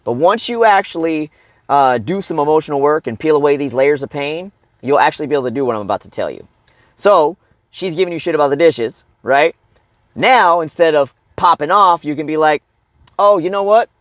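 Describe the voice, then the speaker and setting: Blunt, profane man coaching with a lively voice. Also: fairly high pitch, brisk, no room sound, clean studio sound. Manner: blunt and swearing, with constant "right?" and "okay?" tags; acts out shouted angry outbursts. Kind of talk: profane motivational talk to men.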